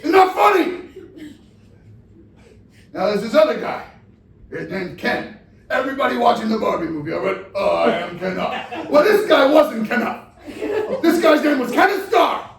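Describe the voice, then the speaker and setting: A man playing an aging filmmaker as talk show host, ranting in live improv comedy, shouting and laughing through his lines. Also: very high voice, very animated, normal speed, gravelly, pauses often, heavily acted. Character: aging male filmmaker, over-the-top, wistful and indignant. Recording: echoey live room from far off with crowd ambience.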